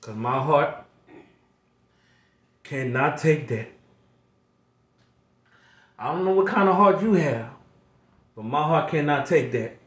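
A middle-aged man, a grandfather, speaking slowly and emotionally, repeating himself like a preacher as he talks to his viewers, close to tears. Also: fairly high pitch, expressive, reverberant, dull audio. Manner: slow, repetitive, preacher-like appeals. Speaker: vlogger. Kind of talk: emotional heartfelt monologue.

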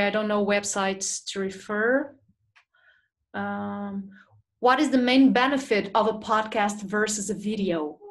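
A woman presenting a webinar, reading out audience questions and answering them in a chatty way with many fillers. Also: medium pitch. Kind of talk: live webinar Q&A. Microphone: small video mic or phone.

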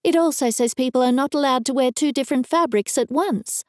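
An Australian woman voicing a sharp-tongued young woman funeral director, curt and stern in an audiobook. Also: high voice, a little fast, dry recording, clean studio sound, pitched above the performer's own voice, close to an everyday voice. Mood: stern, snapping. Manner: curt and raised when snapping.

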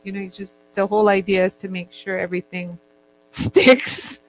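A woman's voice: mid-range voice, level tone, moderate pace, low-quality recording. A woman teaching jewelry making in a casual, chatty way, joking with her crew as she works. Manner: chatty, jokey, laughs often. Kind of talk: casual demo chat. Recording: faint mains hum.

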